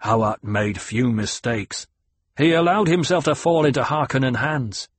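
A man's voice: mid-range voice, measured pace, a little hiss or hum, natural voice. A man voicing a weary, angry male soldier who talks bluntly, with a hard edge. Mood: grim.

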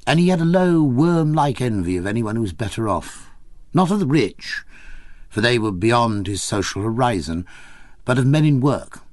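A man narrating an audiobook in a measured, wry storytelling manner. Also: medium pitch, sing-song, darkish tone, no echo, clean studio sound.

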